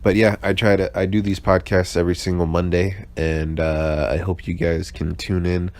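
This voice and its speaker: A man's voice: deep voice, little pitch movement, moderate pace, a little mellow. A young man hosting his own casual podcast, hungover, sarcastic, rambling and swearing constantly with lots of fillers and restarts. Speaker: podcast host. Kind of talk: casual solo podcast check-in.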